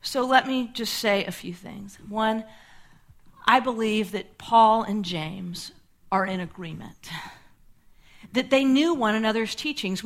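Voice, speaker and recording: A woman pastor giving a sermon, teaching in a measured way, stressing key words and checking in with "right?". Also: on the high side, a bit bright.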